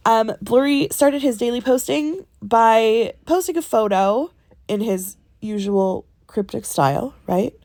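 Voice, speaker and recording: A woman's voice: on the high side, a little slow, darkish tone, no echo, studio quality. A woman with a stuffy nose from a cold, co-hosting a casual podcast and walking through a timeline step by step, checking in often with "okay?" and "right?", recorded on a phone in a ship cabin. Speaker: podcast co-host.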